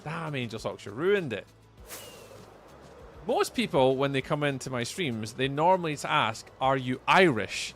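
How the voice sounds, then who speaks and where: A man's voice: medium pitch, lively intonation, a little slow, long pauses, faint music behind. A man with a Scottish accent giving chatty live gameplay commentary as a streamer, answering viewers' chat messages aloud. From Scotland. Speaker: livestreamer.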